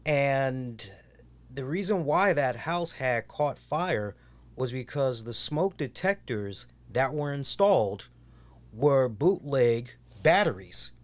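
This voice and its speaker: A man co-hosting a podcast who tells stories in a casual, animated way and swears constantly. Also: medium pitch, takes it slowly. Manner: heavy swearing, animated storytelling. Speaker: podcast co-host. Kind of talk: casual chat.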